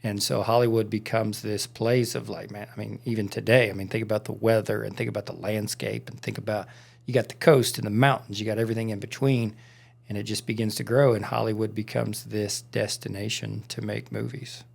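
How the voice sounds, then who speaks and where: Gravelly-voiced man telling stories. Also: fairly low pitch, level tone, a little fast, a little mellow. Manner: rambling storyteller, lots of fillers. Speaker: podcast co-host. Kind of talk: casual chat. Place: studio.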